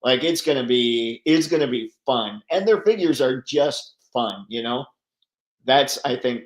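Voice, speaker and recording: A man's voice: mid-range voice, expressive, a little slow, roomy sound. Chatty man hosting a live chat. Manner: chatty, laughs often, reads comments aloud. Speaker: livestream host reading chat.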